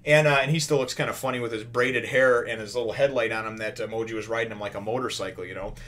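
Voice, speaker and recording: A man's voice: mid-range voice, quick pace, a bit bright. A man casually retelling a comic chapter, rambling with many fillers and quoting the characters in a raised voice. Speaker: comics reviewer.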